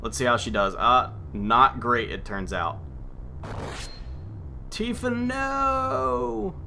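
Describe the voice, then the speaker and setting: A man's voice: on the low side, unhurried, sharp tone, slight background noise. A man hosting a let's play, commenting on the game in a sarcastic, profane, joking way. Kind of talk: gameplay commentary.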